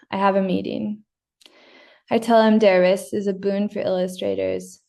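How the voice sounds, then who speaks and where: A woman giving a measured, deliberate reading of her own first-person literary fiction. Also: medium pitch, creaky, a little mellow. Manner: measured, deliberate reading with occasional slips and restarts. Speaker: prize-winning fiction writer reading her story.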